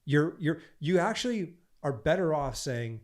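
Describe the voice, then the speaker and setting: A man speaking as a podcast guest in an animated, preachy way, stacking repeated phrases as he coaches. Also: fairly high pitch, measured pace.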